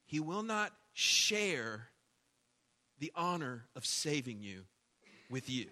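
A man preaching a sermon with emphatic delivery, asking rhetorical questions and swinging between loud and quiet. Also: mid-range voice, sing-song, slow, long pauses. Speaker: pastor.

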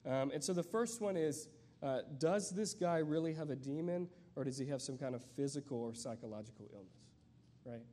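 A guest preacher with a medium-pitched, dark-toned voice delivers a sermon in a conversational, searching way, full of fillers and restarts. When he reads scripture, he slows right down.

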